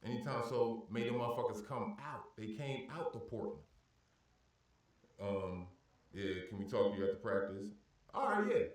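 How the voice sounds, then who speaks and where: A man telling a profane story at an animated pace, acting out shouted arguments with plenty of cursing. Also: on the low side, normal speed. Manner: heated, cursing, acts out shouted exchanges. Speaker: podcast guest telling a story. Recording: roomy echo, far from the mic.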